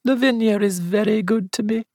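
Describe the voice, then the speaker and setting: A woman's voice: a little high, expressive, slow pace, vocal fry, a little mellow, no room sound, studio quality, pitched above the performer's own voice, heavily acted. A woman reader voicing a frail, self-pitying older invalid with a thin, weak, melancholy voice. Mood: whining, melancholy.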